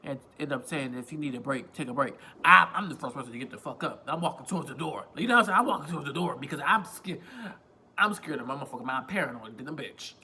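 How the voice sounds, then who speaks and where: A man's voice: on the high side, animated, fast talker, pushed and bright, a little hiss or hum. A man vlogging a casual storytime on a phone, rambling, repeating himself and swearing freely. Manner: rambling, profane, self-repeating.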